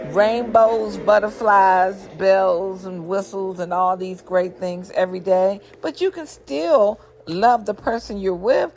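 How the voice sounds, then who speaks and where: A woman vlogger giving a sassy, animated recap of a reality show, full of exasperated rhetorical questions and big swings in pitch. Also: unhurried.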